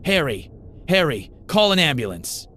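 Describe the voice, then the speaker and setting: A man voicing a young woman in a horror story, her voice shrill with panic and breaking into tears. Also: normal speed, a bit bright, a little hiss or hum. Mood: panicked shouting. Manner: shrieking and breaking voice. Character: young woman, panicked then tearfully soothing.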